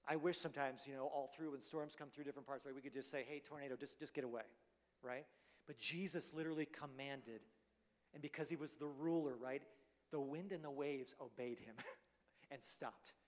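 A man delivers a sermon in a relaxed, conversational way, often tossing in "right?" to the congregation. His voice sits a little high for a man. The sound rings out with the long reverb of a big church hall. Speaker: preacher.

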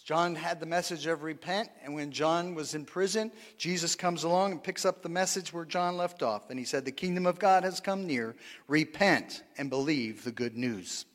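A man's voice: fairly high pitch, moderate pace, fairly bright tone, long reverb tail. A pastor preaching a sermon in a conversational way, often asking the congregation for responses and laughing at his own lines. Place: church sanctuary.

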